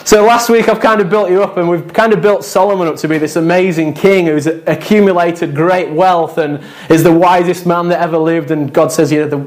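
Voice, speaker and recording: A man preaching a sermon in a chatty, self-deprecating way with lively asides. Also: high-pitched, brisk, hardly any pauses.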